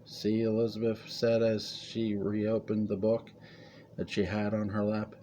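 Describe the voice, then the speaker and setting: Deep-voiced man narrating a gothic story. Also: monotone, measured pace, mellow, a little hiss or hum.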